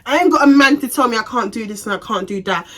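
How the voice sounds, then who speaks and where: A young woman telling a storytime on her vlog in a casual, animated, slangy way with plenty of swearing. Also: a little high, fast talker. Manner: animated, profane, slangy retelling. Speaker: vlogger.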